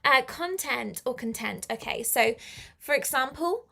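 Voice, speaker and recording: A woman's voice: sits high, lively intonation, measured pace, creaky, sharp tone. Chatty woman teaching a live English lesson. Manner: chatty and encouraging, reads out viewer comments.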